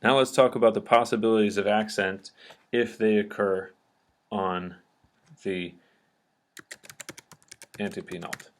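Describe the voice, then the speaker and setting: A man's voice: lowish voice, steady tone, a little slow, long pauses. A man teaching a recorded grammar lesson, explaining step by step and often checking in with "okay?".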